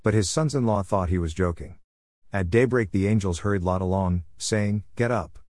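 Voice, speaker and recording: Low-voiced man reading scripture. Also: no echo, clean studio sound. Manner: steady, measured reading. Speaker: scripture reader.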